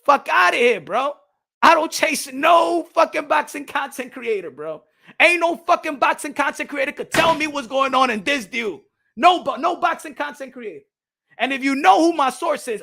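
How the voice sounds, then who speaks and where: High-pitched gravelly guy ranting about boxing deals, swearing a ton, bright edgy voice. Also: moderate pace. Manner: loud, profane, animated, laughing often. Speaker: boxing channel host. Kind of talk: ranting reaction to viewer comments.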